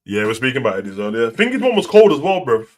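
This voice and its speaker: A man's voice: mid-range voice, very animated, rapid-fire. A man hosting a live wrestling talk show, chatting in a slangy, opinionated way. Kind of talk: casual live reaction chat.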